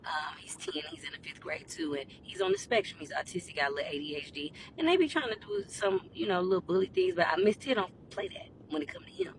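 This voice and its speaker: A woman working as a school behavior interventionist, ranting to camera in a blunt, profane, emphatic way and building up to near-shouting. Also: on the low side, sing-song, quick pace, hardly any pauses, noisy background.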